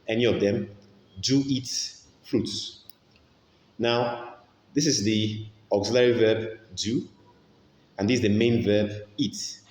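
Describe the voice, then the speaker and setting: A man teaching an English grammar lesson, slow and patient, repeating each example several times. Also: fairly low pitch. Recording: echoey room with long reverb, faint ambience.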